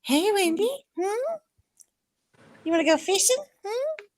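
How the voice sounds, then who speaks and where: A woman voicing a creepy clown, high and sing-song with drawn-out taunting hums. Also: sing-song, exaggerated voice. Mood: creepy teasing.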